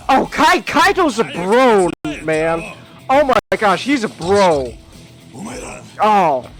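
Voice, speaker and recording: A man hosting a live stream, chatting casually and excitably while gaming, swearing freely. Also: high-pitched, slow pace, soft background music. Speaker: streamer and podcast host.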